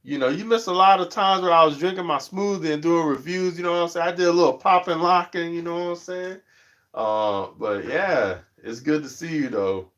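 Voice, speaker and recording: A man with a slightly high voice chats loosely on his livestream, full of slang and "you know what I'm saying." He gets animated and jumps up in pitch when he tells a story. His nose is a little stuffy from allergies. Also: brisk. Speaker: livestream host. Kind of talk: casual livestream chat.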